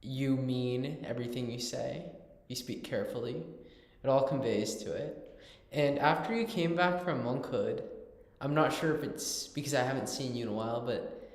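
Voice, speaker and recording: A man's voice: mid-range voice, normal speed. A man in a casual philosophical discussion who shares reflective observations about how people speak. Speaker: discussion participant. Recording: roomy, reverberant hall sound.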